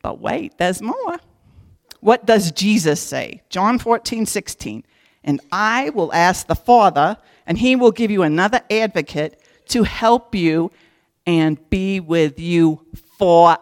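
Lively, folksy woman teaching the Bible. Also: fairly low pitch, unhurried. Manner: folksy and humorous, talks straight to listeners. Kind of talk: casual devotional teaching.

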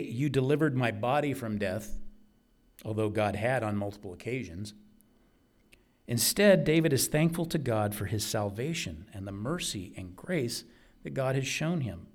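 Slow, earnest male preacher. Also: mid-range voice, lively intonation. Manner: earnest, emphatic repetition of key phrases. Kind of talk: sermon.

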